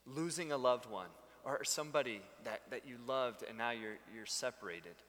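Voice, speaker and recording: Bright-voiced male preacher in a hall. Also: mid-range voice, normal speed. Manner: conversational storytelling with bursts of emphasis. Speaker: pastor. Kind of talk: sermon.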